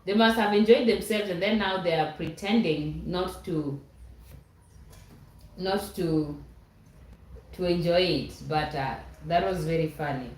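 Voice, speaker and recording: Woman on a livestream reading chat out loud, talks slow, laughs a lot, kinda echoey room. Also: lowish voice. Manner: chatty, laughs often, reads comments aloud. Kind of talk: casual live chat. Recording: roomy echo.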